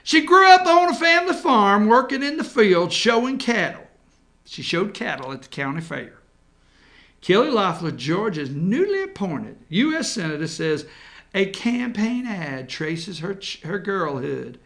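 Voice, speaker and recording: A man's voice: high voice, sing-song, measured pace, sharp tone. A man hosting a political talk show from an office, ranting with sarcasm, indignation and swearing.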